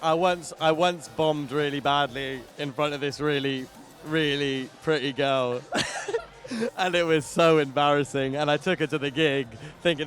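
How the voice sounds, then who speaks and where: A male comedian answers interview questions eagerly, with plenty of fillers. His voice is fairly high, and he is recorded outside a venue in the city. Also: steady tone, normal speed. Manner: eager, with lots of fillers and laughter. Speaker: comedian and company co-founder.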